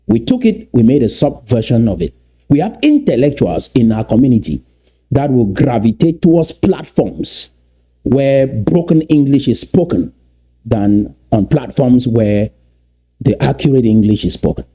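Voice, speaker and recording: A man from Cameroon delivers lecture-style commentary in a mellow, mid-range voice with a breathy edge and big pitch swings. At a measured pace he speaks emphatically, repeating key phrases and stretching words to stress his points.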